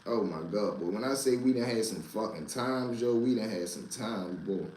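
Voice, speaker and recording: A man's voice: on the low side, moderate pace, darkish tone, roomy sound, a little hiss or hum, low-quality recording. A man hosting a casual storytelling show, talking in profane street slang and repeating lines for emphasis. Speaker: host telling street stories.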